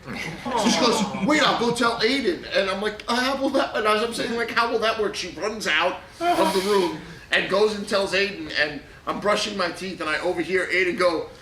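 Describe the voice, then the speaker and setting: Casual podcast host, male, 30s, chatty profane storyteller, high voice, roomy echo, faint hiss. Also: moderate pace, sharp tone. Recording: echoey room, distant mic, faint hiss.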